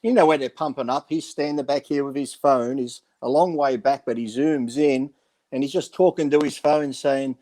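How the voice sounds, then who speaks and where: A man's voice: mid-range voice, normal speed, dark tone. A man chatting on a radio show, telling stories animatedly and acting out quotes, swearing freely. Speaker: bodybuilding radio show regular. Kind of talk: casual chat, storytelling.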